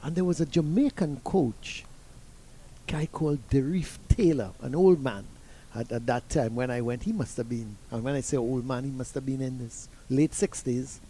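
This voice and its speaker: An older man with a Trinidadian accent commentates on cricket and drifts into long, rambling anecdotes, often restarting them. His voice is medium in pitch and warm, at a normal speed.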